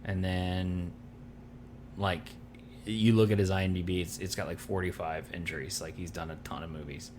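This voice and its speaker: A man's voice: low voice, steady tone, normal speed, a little mellow, slight background noise. A man co-hosting a podcast, chatting casually and rambling as he searches for names. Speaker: podcast co-host. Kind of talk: casual chat.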